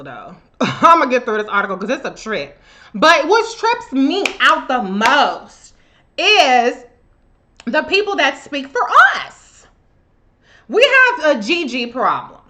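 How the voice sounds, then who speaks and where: Sassy high-voiced woman ranting. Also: wildly swooping pitch, measured pace, pushed and bright. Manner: sassy, emphatic, loose and profane. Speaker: live show host. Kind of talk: profane political commentary monologue.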